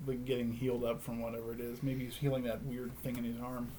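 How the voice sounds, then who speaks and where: A relaxed, jokey man chatting casually on a podcast. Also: medium pitch, fast talker, a little hiss or hum, rough recording. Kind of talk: casual chat.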